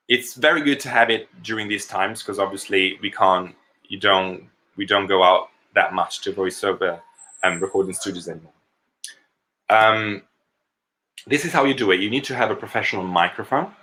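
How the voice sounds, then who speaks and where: Bright-voiced man coaching voiceover. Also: on the low side, moderate pace, long pauses. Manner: explanatory, checks in with "okay?". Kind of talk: live online Q&A lesson.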